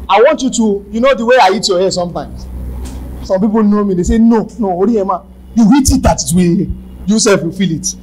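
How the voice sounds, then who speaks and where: A Nigerian man preaching a sermon, telling a story with bursts of shouting and laughter. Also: sits high, brisk, low-quality recording.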